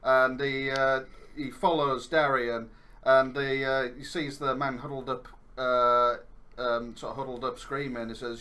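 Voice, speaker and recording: Slow, bright-toned male player. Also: medium pitch, flat delivery, clean tone. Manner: halting, with bursts of in-character shouting. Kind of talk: describing his character's actions.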